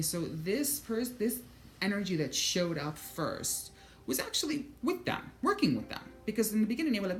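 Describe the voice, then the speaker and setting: A woman vlogger telling a personal story in an animated monologue, swearing freely and quoting her own thoughts aloud. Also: mid-range voice, moderate pace, a little hiss or hum.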